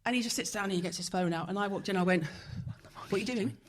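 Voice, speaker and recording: Brief: woman, 50s, podcast host, animated storyteller. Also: mid-range voice, very fast. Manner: lively, animated storyteller who acts out voices. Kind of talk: casual chat.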